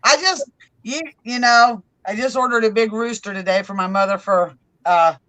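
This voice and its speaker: A woman's voice: a little high, moderate pace, a bit bright, dry recording, rough recording. Folksy Southern woman on a video call. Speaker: guest on a live stream. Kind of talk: casual chat.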